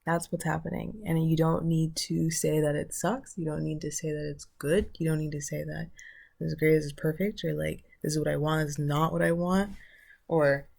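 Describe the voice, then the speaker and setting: Woman, gravelly voice, lowish pitch, casual spiritual talk, thinks aloud. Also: little pitch movement, moderate pace, a little mellow. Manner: loose, searching, thinks aloud. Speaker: vlogger.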